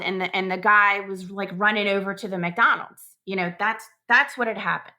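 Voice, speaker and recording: A woman in her thirties, a podcast guest, retelling a personal story in a lively way, acting out sounds and quotes. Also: mid-range voice, moderate pace, few pauses. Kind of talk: emotional storytelling.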